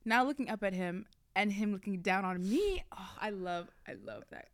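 A woman's voice: mid-range voice, expressive, normal speed, no echo, studio quality. A young woman hosting a casual chat, reading fan fiction aloud in a teasing, giggly way.

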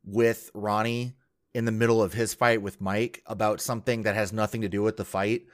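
Low-voiced man rambling in casual chat. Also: level tone, moderate pace. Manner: rambling, many fillers, laughs often. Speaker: podcast co-host. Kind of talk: casual chat recapping a reality show.

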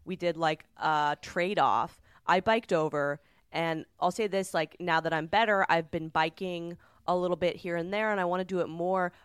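A woman co-hosting a comedy podcast from home, telling animated stories with swearing and laughter. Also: lowish voice, normal speed, smooth, no room sound, studio quality. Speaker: podcast co-host. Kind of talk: casual comedic chat. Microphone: remote podcast mic.

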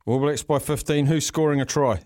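A New Zealand-accented man hosts a radio talkback show, and his voice sits slightly high. He moves briskly through callers with friendly banter. The studio sound is close and dry. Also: fairly even intonation, darkish tone, dry recording. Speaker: radio host.

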